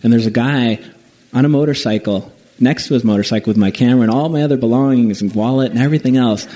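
A man's voice: mid-range voice, fast talker, dark tone. A man casually telling a rambling personal travel story, acting out the people in it. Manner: casual, rambling with restarts and acted-out quotes.

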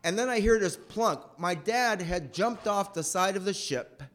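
Animated man telling a family story. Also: high-pitched, a little slow. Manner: animated, rambling, acts out voices. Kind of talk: personal storytelling.

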